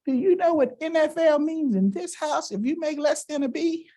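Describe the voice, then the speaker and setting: A man's voice: extremely high pitch, normal speed, mellow, pitched above the performer's own voice. A man putting on the voice of a stern mother who lays down the rules. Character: stern mother, firm and commanding.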